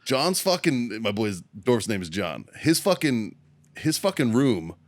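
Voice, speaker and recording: A man's voice: mid-range voice, very animated, a little slow. Profane laughing man telling stories. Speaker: podcast host. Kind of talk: casual storytelling chat.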